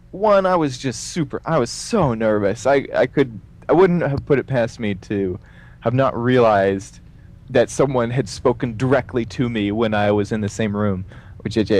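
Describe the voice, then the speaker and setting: An animated man tells a story in a relaxed, casual way. He leans on fillers and acts out the voices of the people involved. His pitch sits in a middle range. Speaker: guest telling a story.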